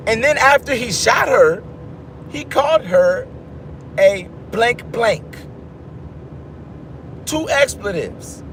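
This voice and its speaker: A man giving casual commentary to his viewers, rambling and animated, often breaking off mid-thought and restarting. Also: very high voice, slow pace, long pauses, a little hiss or hum. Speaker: vlogger.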